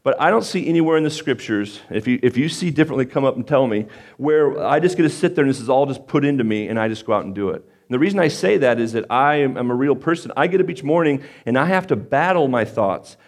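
A man's voice: medium pitch, expressive, fast. A male pastor delivering a sermon in a chatty, conversational way. He gets fired up at times and makes fun of himself along the way.

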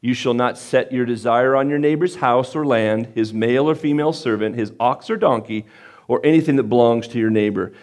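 A man's voice: medium pitch, fairly quick, a little mellow. A male pastor delivering a sermon in a chatty, conversational way. He gets fired up at times and makes fun of himself along the way.

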